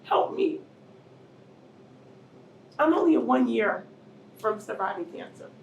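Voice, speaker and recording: A middle-aged woman, a cancer survivor on a panel, gives an emotional personal testimony in an event hall before an audience, building to near shouts and tearful moments. Her voice is on the high side and creaky, with lively intonation at a moderate pace. The roomy hall audio comes from a distant mic, with faint noise and the highs cut off.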